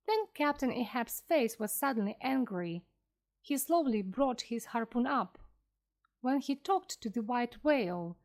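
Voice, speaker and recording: Brief: woman narrator, slow graded-reader storytelling, bright lilting voice. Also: a little high, big pitch swings. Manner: clear, careful reading aloud.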